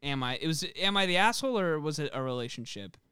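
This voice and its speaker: A man's voice: on the high side, expressive, quick pace, sharp tone, clear, resonant tone, no echo, clean studio sound. A young man co-hosting a podcast, chatting casually and joking, swearing freely with lots of fillers. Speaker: podcast co-host. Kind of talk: casual chat.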